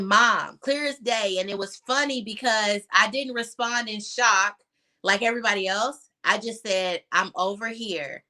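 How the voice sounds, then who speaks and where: A woman's voice: mid-range voice, bright, forceful tone. A young adult woman on a video call, telling her personal story candidly with many fillers, sometimes choking up. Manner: candid, filler-heavy, chokes up at times. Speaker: guest.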